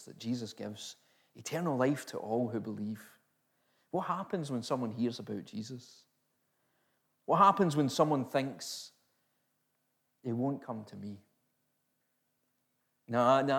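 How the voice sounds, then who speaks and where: A man preaches a sermon in an ordinary mid-range voice. He drives his points home with strings of rhetorical questions, repeating each phrase for emphasis. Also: mid-range voice.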